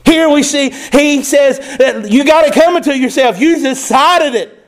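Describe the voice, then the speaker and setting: A man's voice: very high-pitched, measured pace. A man preaching a sermon, emphatic and repeating phrases for stress.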